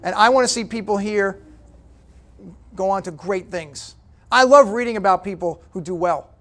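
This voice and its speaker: High-voiced man giving a punchy motivational talk. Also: moderate pace, fairly bright tone. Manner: punchy, direct, talks to the audience with repeated "okay?". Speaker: guest speaker at a business breakfast. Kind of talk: motivational speech.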